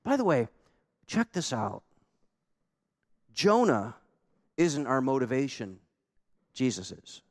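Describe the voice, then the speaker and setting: A man's voice: medium pitch, sing-song, slow pace, pauses often. A man preaching a sermon as pastor, emphatic and conversational, with many rhetorical questions to the congregation.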